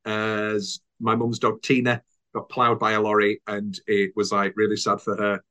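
A man's voice: on the low side, monotone, moderate pace, bright, forceful tone, muffled recording. A man hosting a podcast in casual chat, rambling through anecdotes with many restarts and acting out quotes. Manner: rambling storyteller, acts out quotes in silly voices. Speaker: podcast host.

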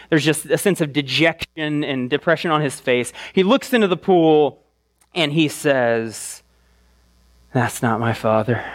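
A man preaching a sermon in a conversational way, often checking in with the crowd and restarting his phrases. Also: high-pitched. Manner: animated, with frequent restarts. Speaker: pastor.

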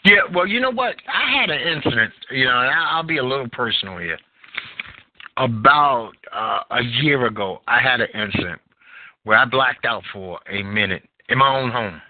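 A man hosting a podcast, telling a story in casual, profane chat with big swings of feeling. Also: moderate pace. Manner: animated, profane storytelling with wide pitch swings. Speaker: podcast host. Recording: tinny phone line.

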